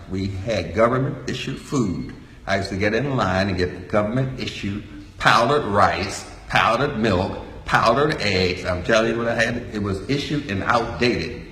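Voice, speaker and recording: A man's voice: on the low side, fairly bright tone, slight background noise. Older man lecturing in an echoey hall. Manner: folksy, joking, preacherly. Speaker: speaker. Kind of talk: talk to a live audience.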